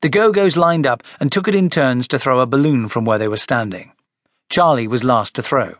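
A man narrating a children's storybook with expressive, animated delivery. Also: medium pitch, normal speed, dry recording, clean studio sound. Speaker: audiobook narrator.

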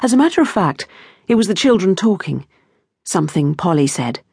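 Eager young widow and mother, as a woman narrator puts her on, lively, breathy, audiobook character. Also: lowish voice, brisk, no room sound, clean studio sound, exaggerated voice. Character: young widowed mother of four, warm-hearted.

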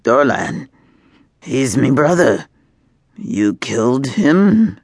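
A woman's voice: extremely low pitch, big pitch swings, drawn-out words, vocal fry, darkish tone, slightly rough, no room sound, clean studio sound, full character voice. A woman voicing a defiant, angry male prisoner who speaks in an old-fashioned way.

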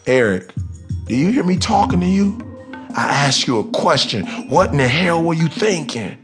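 A man voicing an angry mother who yells at her teenage son in an exasperated, scolding way. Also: a little high, animated, moderate pace, soft background music. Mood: furious scolding.

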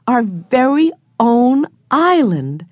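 A woman reads as an eager older boy, raised in pitch above the narration and full of enthusiasm. His voice rises and falls lively in a children's storybook. The sound is close and dry. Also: unhurried, no room sound. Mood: excited. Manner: excited, enthusiastic.

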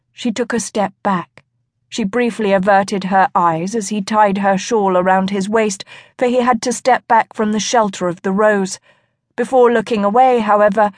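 A woman reading a romance novel aloud as an audiobook narrator, slow and measured. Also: medium pitch, no room sound, clean studio sound.

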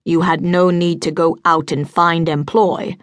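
A woman's voice: lowish voice, flat delivery, unhurried, dry recording, close to an everyday voice. A woman voicing a haughty, proud duke who speaks in an imperious, demanding way.

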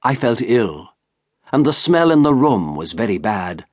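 Slow, husky male audiobook narrator. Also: mid-range voice, huge pitch swings, darkish tone, no room sound. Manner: slow, carefully paced reading. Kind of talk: scripted first-person narration.

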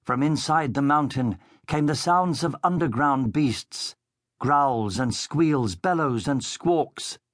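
Slow, measured male storybook narrator. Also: mid-range voice, dry recording, clean studio sound. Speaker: audiobook narrator. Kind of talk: scripted children's audiobook narration.

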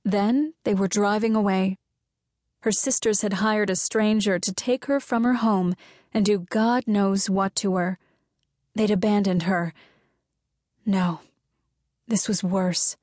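A woman narrating a contemporary romance audiobook in a measured storytelling voice. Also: mid-range voice, fairly even intonation, a little mellow, no room sound, clean studio sound. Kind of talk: scripted narration.

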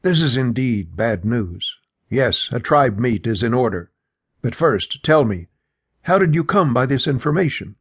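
A deliberate, solemn winged tribal chief, read by a man. The voice is low-set, gravelly and a touch husky, with measured, weighty phrasing, recorded dry and close. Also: expressive, no room sound.

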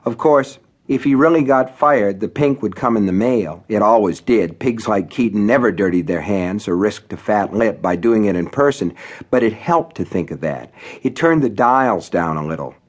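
A man's voice: lowish voice, expressive, normal speed. A man narrating his own horror novel for an audiobook. His telling is wry and conversational, dry humor slipping into the prose.

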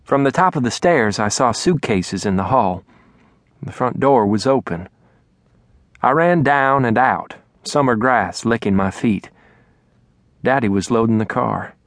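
A man's voice: medium pitch, expressive, measured pace, pauses often, no room sound, clean studio sound. Man narrating an audiobook. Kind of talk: scripted narration. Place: recording studio.

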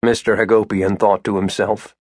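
A man reading an audiobook as narrator, with expressive storytelling. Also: fairly low pitch, moderate pace, no room sound, studio quality. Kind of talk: scripted narration.

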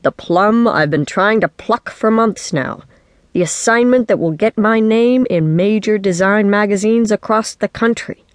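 A woman doing a booming, excitable storybook dad. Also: a little slow, no echo, natural voice. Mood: dramatic. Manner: booming, exuberant, smug. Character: excitable, theatrical dad, middle-aged man. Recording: dry studio audiobook.

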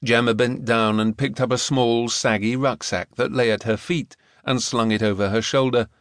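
Scripted novel narration from a man at medium pitch, delivered in a measured, expressive style. The recording is dry with clean studio sound.

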